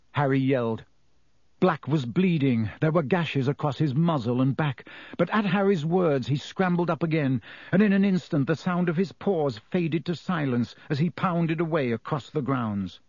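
A man reading an audiobook aloud as narrator, with dramatic shifts between slow and quick delivery. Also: a little high, a little mellow, no room sound. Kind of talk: scripted narration.

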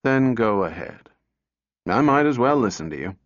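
A man's voice: medium pitch, very animated, normal speed, no room sound, close to an everyday voice. A man voicing an anxious mother who scolds and sounds weary. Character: anxious, sharp-tongued mother. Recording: dull dry recording.

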